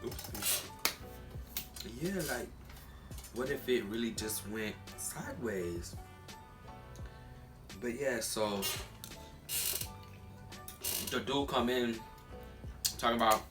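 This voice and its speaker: A man's voice: medium pitch, lively intonation, slow, long pauses, music in the background. A man telling a casual storytime while eating, rambling with lots of fillers and repeated restarts. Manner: often repeats himself and restarts. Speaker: vlogger.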